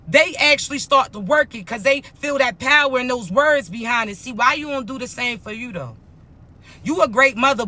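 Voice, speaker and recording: A woman's voice: sits high, pushed and bright. A woman spiritual life coach giving a motivational talk in an emphatic, blunt, slangy and often profane way.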